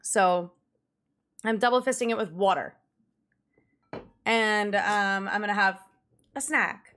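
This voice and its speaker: A young woman livestreams, chatting casually with viewers and rambling through a story full of fillers and giggles. Her voice sits at medium pitch, a little bright, and she takes her time.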